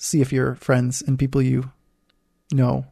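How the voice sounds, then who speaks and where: A man co-hosting a podcast in casual chat, talking haltingly with playful restarts. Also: medium pitch, completely flat delivery, gravelly, warm tone, no echo, studio quality. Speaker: podcast co-host.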